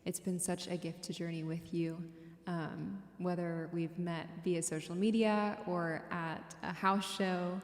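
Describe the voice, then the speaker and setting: A woman singer-songwriter talking softly and hesitantly between songs, with many fillers, at a streamed show. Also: lowish voice, little pitch movement, measured pace. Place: borrowed recording studio. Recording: roomy studio with long reverb. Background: instrument music.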